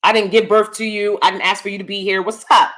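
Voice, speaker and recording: A woman's voice: flat delivery, fast, a bit bright. A middle-aged woman hosting her own channel, talking bluntly and lecturing in a casual monologue to the camera. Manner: blunt, lecturing, switches between low asides and emphatic bursts. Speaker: YouTube commentary host.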